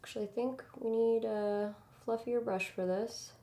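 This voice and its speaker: A woman's voice: a little high, fairly even intonation, normal speed, warm tone, echoey room. A woman casually chatting through a makeup tutorial as she works close to her mirror. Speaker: beauty vlogger.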